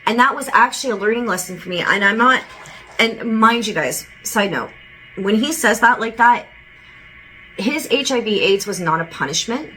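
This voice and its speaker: A woman's voice: a little high, animated, moderate pace, bright, forceful tone, a little hiss or hum, rough recording. A woman giving a casual channeled psychic reading, rambling and relaying quotes with frequent "he goes". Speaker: psychic medium.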